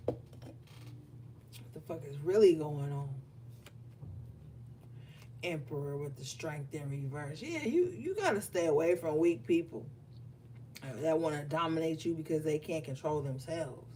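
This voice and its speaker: A woman's voice: deep voice, a little slow, long pauses, mellow, slight background noise. A woman doing a casual live tarot reading, chatty and loose with plenty of swearing. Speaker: tarot card reader.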